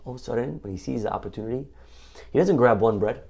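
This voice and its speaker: A man giving a Torah lecture as a rabbi, an animated storyteller who asks rhetorical questions and acts out the quotes he tells. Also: medium pitch, fast, creaky, breathy edge.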